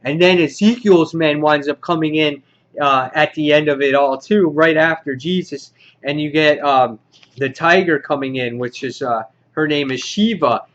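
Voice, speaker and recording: A man giving a casual comic book review, rambling with many filler words and getting excited as he goes. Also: on the high side, muffled recording.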